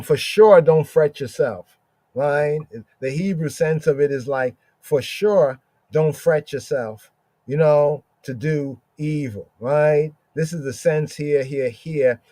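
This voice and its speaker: A man's voice: fairly high pitch, fairly even intonation, warm tone, no echo. Man teaching scripture, keeps asking "right?". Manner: keeps asking "right?", drawls Hebrew words slowly. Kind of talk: informal scripture study podcast.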